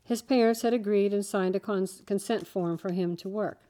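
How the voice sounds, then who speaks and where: A woman reading a children's story aloud, with steady, gentle storytelling. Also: mid-range voice, moderate pace. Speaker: narrator.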